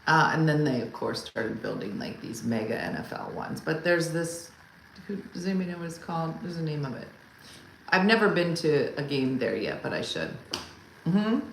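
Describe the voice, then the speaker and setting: A low-pitched, sing-song voice with vocal fry and a normal speed belongs to a woman hosting a laid-back comedy stream in a home room. Chatty and wry, she answers viewers, vents exasperated stories about her partner, and mimics her husband loudly; faint hum and echo fill the room.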